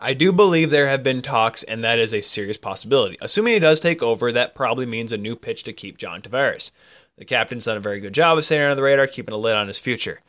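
Rambling podcast co-host, bright clear tone, goofy, keeps cutting himself off. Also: male voice, mid-range voice, expressive, fast talker. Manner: rambling, goofy, self-interrupting storyteller. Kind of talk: casual banter podcast.

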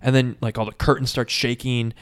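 A man co-hosting a casual chat, retelling a film in a profane, animated way. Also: medium pitch, brisk, smooth. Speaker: podcast co-host.

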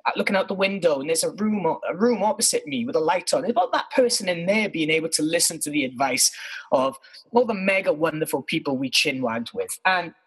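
Speaking from his bedroom like a podcast co-host chatting on air, a man with a husky, slightly rough voice casually and animatedly tells stories about his past in a monologue. His pitch swings a lot as he mocks himself and swears freely. He talks fairly quickly, and the audio is poor.

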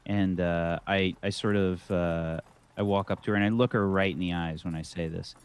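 A man playing a tabletop game, describing his character's actions in a measured, deliberate way. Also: deep voice, fairly even intonation, clear, resonant tone. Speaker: player.

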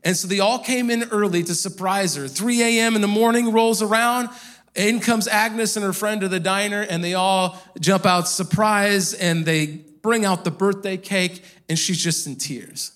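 A man's voice: high-pitched, fairly even intonation, normal speed, fairly bright tone. A male pastor preaching a sermon in a church, telling a story in a loose, conversational way. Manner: conversational storytelling with casual fillers.

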